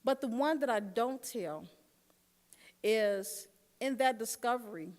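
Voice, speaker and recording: A woman's voice: a little high, slow, long pauses, a little mellow. A woman giving a keynote speech at a dinner, telling a personal story and talking straight to the audience. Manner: storytelling, engages audience directly. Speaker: keynote speaker. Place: large dinner hall. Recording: long hall reverb.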